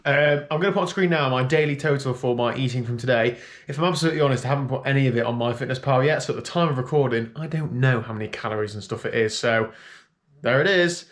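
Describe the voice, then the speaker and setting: A man's voice: mid-range voice, fast. A man vlogging casually from his home kitchen, chatty and self-mocking, talking into a handheld camera. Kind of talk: casual vlog chat.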